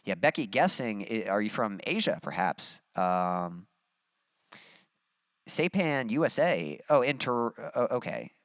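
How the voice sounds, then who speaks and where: A man from Texas with a mild Texas accent, a musician chatting casually on a livestream and reading out his chat, relaxed and rambling with many fillers. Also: on the low side, measured pace, smooth, dry recording, studio quality. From Texas, USA.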